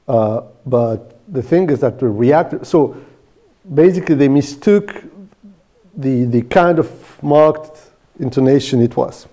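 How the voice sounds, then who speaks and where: Man, academic Q&A, explaining, many restarts, mellow, a bit high-pitched. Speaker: speaker answering questions. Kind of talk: academic Q&A discussion.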